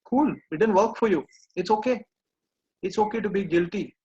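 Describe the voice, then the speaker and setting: Man, personal growth coach, soft reassuring repetitions, fairly high voice, muffled lo-fi sound. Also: moderate pace. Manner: gentle, repeats reassuring phrases. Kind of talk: coaching talk to a live group.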